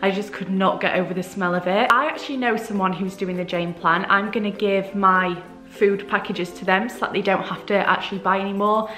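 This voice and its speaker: A woman's voice: mid-range voice, fairly even intonation, a little fast, few pauses, sharp tone, faint music behind. A young woman with a British accent, under the weather, chatting casually to camera in a rambling, self-deprecating vlog. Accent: British English. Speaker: vlogger.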